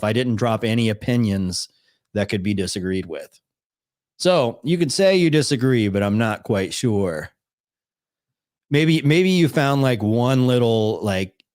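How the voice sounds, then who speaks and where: A man's voice: on the low side, darkish tone. A man hosting a live stream, reacting to videos and talking to his chat in a blunt, sarcastic way. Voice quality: blunt, swears casually, sarcastic. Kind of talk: casual live-stream commentary.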